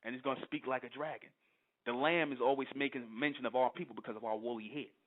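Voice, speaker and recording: A man's voice: medium pitch, fairly even intonation, quick pace. A man hosting his own channel, reading scripture aloud and commenting on it bluntly and profanely, often asking "you understand?" and stumbling over the old wording. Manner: stumbles and restarts over archaic verses. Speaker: channel host. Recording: tinny phone-like audio.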